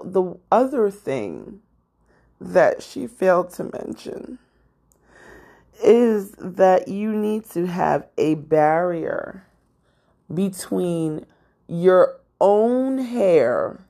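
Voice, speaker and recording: A young woman podcast host telling a casual story in an animated, exasperated way, full of fillers. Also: on the low side.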